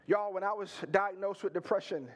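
High-voiced preaching man, lilt. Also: fairly even intonation, a little fast. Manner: preaching with rising intensity, then drops to a low intimate voice. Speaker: pastor. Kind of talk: sermon.

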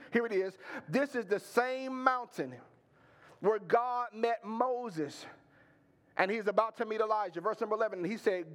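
A male pastor preaching a sermon, swinging between fervent rising passages and low, intimate stretches.

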